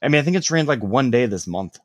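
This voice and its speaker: A man's voice: medium pitch, lively intonation, fast, no echo, studio quality. A young man telling a long story in casual chat, rambling with lots of "like" and casual swearing.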